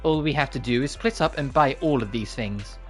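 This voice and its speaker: A man voicing a prim, sharp-tongued young woman who is all etiquette, reading game dialogue aloud. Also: mid-range voice, moderate pace, faint music behind, lightly acted.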